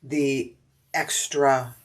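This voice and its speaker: A woman's voice: extremely low pitch, flat delivery, very slow. A middle-aged woman chatting casually on a sewing livestream, answering viewer comments as she works.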